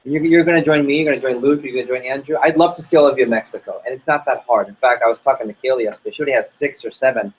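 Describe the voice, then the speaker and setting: A man's voice: mid-range voice, rapid-fire, hardly any pauses, husky, muffled recording. A man leading a sales team training talk, upbeat and motivational, acting out little dialogues as he goes. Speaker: sales office manager.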